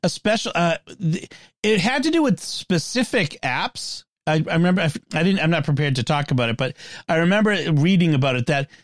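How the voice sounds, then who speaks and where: A man's voice: fairly high pitch, expressive, brisk, dry recording, clean studio sound. A man co-hosting a tech podcast in casual chat, talking at length with restarts and fillers. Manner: chatty, frequent restarts and fillers. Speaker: podcast co-host.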